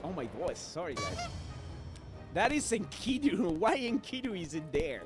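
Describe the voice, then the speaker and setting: A man streaming a video game, reacting excitably to it with frequent laughter and shouted exclamations. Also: high voice, moderate pace. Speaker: VTuber streamer. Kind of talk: live gameplay commentary. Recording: game music behind the voice.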